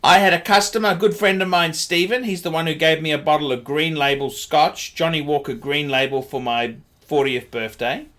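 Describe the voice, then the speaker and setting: A man's voice: on the high side, steady tone, moderate pace, hardly any pauses, bright, forceful tone. A middle-aged man with an Australian accent, ranting in a commentary vlog, sardonic and scornful, repeating his catchphrases. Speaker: watch dealer.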